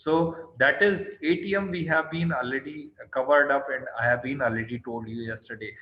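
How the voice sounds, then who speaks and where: A man's voice: mid-range voice, brisk. Stern Indian man teaching online. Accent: Indian English. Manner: quizzes students by name, keeps asking "right?"; stern, scolds students on tone. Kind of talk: online class lecture. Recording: roomy, dull online call audio.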